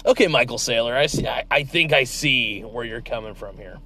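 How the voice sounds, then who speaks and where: A man's voice: mid-range voice, fairly quick, pushed and bright. A man hosting a comedy sketch interview, playing a mock-outraged, exasperated interviewer. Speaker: show host.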